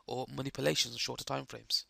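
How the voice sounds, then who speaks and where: Hoarse man with a gravelly voice. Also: mid-range voice, flat delivery, quick pace, pushed and bright, dry recording, studio quality. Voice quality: croaky. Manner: explains chart steps, keeps checking the viewers follow. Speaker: trading streamer. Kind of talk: live trading commentary.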